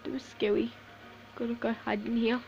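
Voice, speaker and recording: Woman, gameplay commentary, high voice, slow-talking, swears and laughs a lot, slightly muffled recording. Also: gravelly, soft background music. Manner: swears a lot, laughs often, excitable reactions. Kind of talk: casual live commentary over gameplay.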